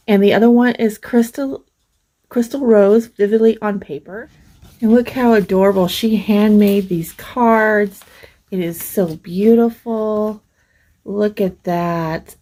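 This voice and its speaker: A middle-aged woman hosting a craft vlog, gently showing off mail she received and gushing over each piece. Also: medium pitch, rough recording. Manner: slow, gentle, gushing over small things. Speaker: craft channel host. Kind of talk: casual show-and-tell vlog.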